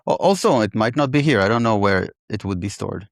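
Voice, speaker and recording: A man in casual technical chat, pairing on code and thinking aloud with halting restarts. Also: on the low side, expressive, gravelly, no room sound, studio quality.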